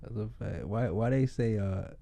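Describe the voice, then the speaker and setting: A man's voice: fairly low pitch, moderate pace, creaky, warm tone, no room sound. A man co-hosting a podcast in casual chat, laid-back, laughing often and chiming in with short replies. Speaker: podcast co-host. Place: podcast studio.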